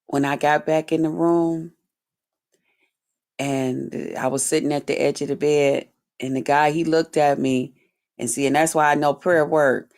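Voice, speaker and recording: Gravelly, blunt woman telling a story. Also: low voice, unhurried. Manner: blunt, heavily profane, animated retelling. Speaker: storytime vlogger. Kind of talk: casual storytime monologue to viewers.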